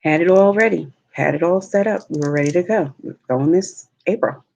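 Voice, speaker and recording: A woman, a mother, telling stories in a relaxed, chatty way while eating on a livestream vlog. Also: fairly low pitch, gravelly, rough recording. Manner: slow, chatty storytelling with laughs. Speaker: mukbang vlogger. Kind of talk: casual chat while eating. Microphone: livestream mic.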